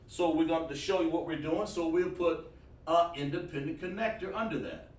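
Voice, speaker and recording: A man teaching an online lesson, coaxing students with repeated questions. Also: on the high side. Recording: echoey room, far from mic.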